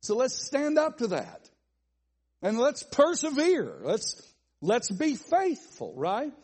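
A man preaching a sermon at a church conference, with a Southern accent and a folksy, animated delivery full of asides and laughs. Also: very high voice, slow pace, husky. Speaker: pastor.

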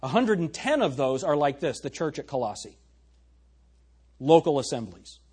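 A man preaching a verse-by-verse sermon. His voice sits a little high and sounds husky. He reads scripture aloud with force and keeps checking that his listeners agree. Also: darkish tone. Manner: asks the congregation for agreement. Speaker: pastor. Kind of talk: expository sermon.

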